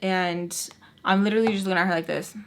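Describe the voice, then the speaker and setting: A young woman vlogger chatting through a casual storytime, full of "like" fillers and sudden jumps in pitch as she acts out what people said. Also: fairly even intonation, fast talker. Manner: lots of "like" fillers, swears casually.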